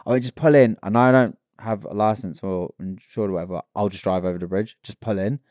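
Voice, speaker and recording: A man co-hosting a podcast, chatting casually and telling a story in a lively, teasing way. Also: on the low side, a little fast, no room sound, studio quality. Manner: lively, teasing storyteller who acts out lines. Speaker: podcast co-host.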